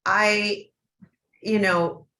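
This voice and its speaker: Middle-aged woman guest, earnest and emotional storyteller with halting restarts, mid pitch, echoey hall. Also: flat delivery, bright, forceful tone. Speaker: interview guest. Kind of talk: personal storytelling in an interview. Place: event stage or hall. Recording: roomy, echoey room.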